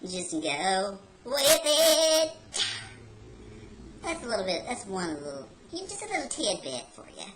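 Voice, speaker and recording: A woman's voice: mid-range voice, very animated, unhurried, a crowd in the background, rough recording. A woman playing a brash, rebellious carnival worker, telling a rambling folksy story as a comedy character monologue.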